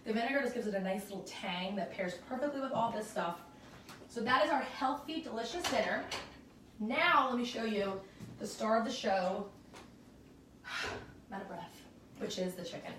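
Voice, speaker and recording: A woman's voice: a little high, expressive, moderate pace, fairly bright tone, recorded from a distance. Young woman, casual home-cooking host, upbeat and self-correcting, faint room hum behind. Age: young adult. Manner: chatty and upbeat, thinks aloud and corrects herself. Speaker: home cook hosting a cooking video. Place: home kitchen. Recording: roomy kitchen sound from off-mic.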